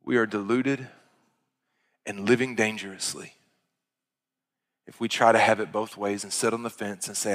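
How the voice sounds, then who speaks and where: A man's voice: little pitch movement, moderate pace, long pauses. Impassioned male pastor in a reverberant hall. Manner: impassioned preaching that swells loud and high, then drops to hushed tones. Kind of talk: sermon.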